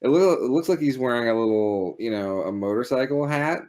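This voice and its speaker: A man's voice: medium pitch, lively intonation, a little fast, a little mellow. A man co-hosting a casual chat about retro games, jokey and riffing on silly details. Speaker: podcast co-host.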